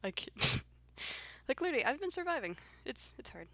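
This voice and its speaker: A woman's voice: sits high, big pitch swings, moderate pace, pushed and bright, no room sound. Giggly young woman podcast host. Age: young adult. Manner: playful, giggly, teasing. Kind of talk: casual podcast chat.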